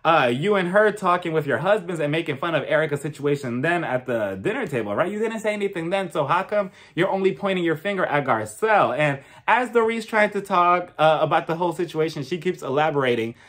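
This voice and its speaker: A man reviewing a reality TV show in a casual, sassy and gossipy way, animated as he retells what happened. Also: on the high side, a little fast, hardly any pauses. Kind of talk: casual commentary.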